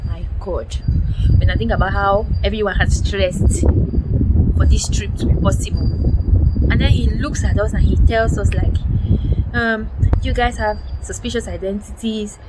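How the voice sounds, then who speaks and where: A young woman from Cameroon tells a story to camera in a lively, exclamatory way and acts out the lines of the people in it. Her voice sits at an ordinary middle pitch. Steady background noise runs under the recording. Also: a little slow. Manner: animated, exclamatory retelling with quoted dialogue. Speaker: vlogger. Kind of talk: storytelling vlog.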